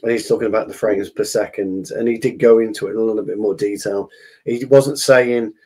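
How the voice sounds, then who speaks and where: A man co-hosting a football podcast, talking thoughtfully with many pauses and fillers. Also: lowish voice, fairly even intonation, warm tone. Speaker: podcast co-host. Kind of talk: casual football podcast chat.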